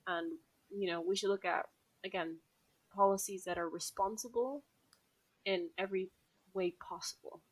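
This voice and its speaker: A woman's voice: mid-range voice, fairly even intonation, moderate pace, long pauses, rough recording. A woman co-hosting a casual podcast, laughing easily and speaking earnestly. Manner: giggly, earnest. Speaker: podcast co-host.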